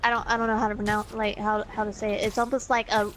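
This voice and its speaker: A woman with a stuffy, blocked nose chats as co-host in a casual online show. She talks in an apologetic, filler-heavy way, heard over an online call with clear background noise. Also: mid-range voice, flat delivery, fast talker, fairly bright tone. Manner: chatty, apologetic, lots of likes. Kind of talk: casual podcast chat. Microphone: home mic over an online call.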